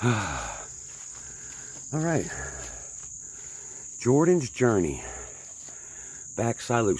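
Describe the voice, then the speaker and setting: A man's low, darkish voice comes through as he hikes uphill, winded yet talkative. Rambling and making fun of himself, he keeps turning to the folks watching to ask what he ought to do.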